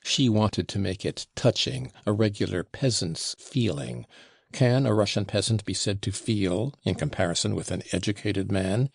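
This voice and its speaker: Audiobook: man voicing a scornful young manservant, low gravelly tone, curt and cold. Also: moderate pace, dry recording, studio quality. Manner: curt, disdainful. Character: sullen proud young male servant, contemptuous. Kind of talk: audiobook reading.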